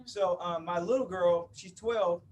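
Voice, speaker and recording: A man's voice: sits high, measured pace, recorded from a distance, a little hiss or hum. A man of about fifty giving a live motivational talk to an audience, playful and chatty, often checking in with the crowd. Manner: playful, banters with the crowd, often asks "you with me?". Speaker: motivational speaker. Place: event room before a live audience.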